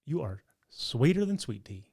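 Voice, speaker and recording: A man's voice: medium pitch, sing-song, normal speed, vocal fry, a little mellow, slightly rough, full character voice. A man on a podcast doing an affectionate put-on Southern accent, drawling and doting as he pays a compliment. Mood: sweet, doting. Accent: put-on American Southern. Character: doting male Southern charmer, sweet-talking and gentle. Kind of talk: podcast banter.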